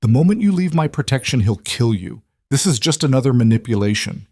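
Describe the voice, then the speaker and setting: A man's voice: lowish voice, expressive, moderate pace, dry recording, lightly acted. A man voicing a ruthless male mafia boss, speaking coldly and tightly. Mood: cold guarded. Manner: cold, tight.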